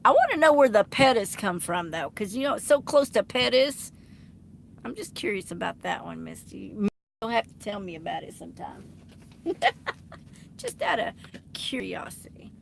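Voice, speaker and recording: A woman's voice: mid-range voice, expressive, brisk, vocal fry, slight background noise. A woman chatting and laughing with viewers on a late-night livestream from inside her truck. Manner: chatty, laughs often, reads and answers viewer comments. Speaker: livestream host.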